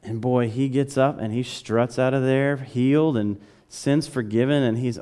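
A man preaching in a relaxed, conversational way, his mellow, warm tone rising into eager emphasis. He speaks at a middling pitch and walks his listeners through a story from the pulpit. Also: normal speed, few pauses, clean tone. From American South. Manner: conversational, builds to excited emphasis. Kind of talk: sermon.

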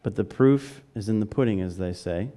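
A man from the American South preaching a conversational sermon, building to excited emphasis. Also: on the low side, normal speed.

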